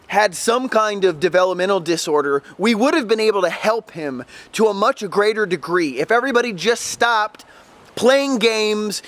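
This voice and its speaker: Emphatic high-voiced man telling a story. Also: fairly bright tone. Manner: emphatic and exasperated, building to outbursts. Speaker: travel vlogger and former ESL tutor. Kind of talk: casual storytelling monologue.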